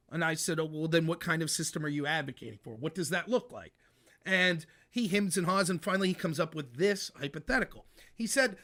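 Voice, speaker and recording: An American man talks in a high, bright-pitched voice. His delivery swings widely up and down as he tells a story. He acts out both sides of an argument as the host of a casual chat show. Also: expressive, fast. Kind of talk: casual chat, retelling a call.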